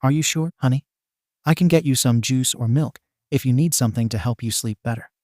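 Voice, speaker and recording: Brief: caring storybook mom, read by a man, soft and soothing, dry close sound. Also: mid-range voice, a little fast, no echo, lightly acted. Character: gentle caring adoptive mother.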